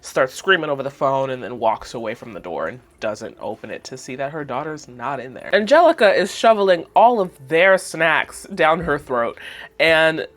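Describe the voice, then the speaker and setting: Recapping a cartoon as host, a twenty-something woman speaks at normal speed in a low voice with lively intonation. She keeps it chatty, laughing frequently and leaning heavily on "like."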